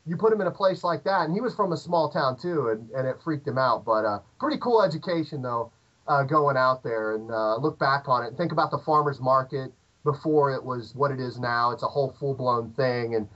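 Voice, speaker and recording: A middle-aged American man telling a long, animated anecdote in casual chat, with lots of fillers and restarts. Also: medium pitch, brisk. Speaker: podcast guest. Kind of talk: casual storytelling. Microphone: remote call audio. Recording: dull lo-fi call audio.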